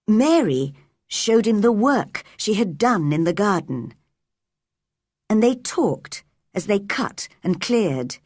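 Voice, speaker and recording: Slow, breathy woman narrating an audiobook. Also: medium pitch, no echo, clean studio sound. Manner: clear, measured, expressive character voices. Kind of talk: graded-reader audiobook narration for English learners.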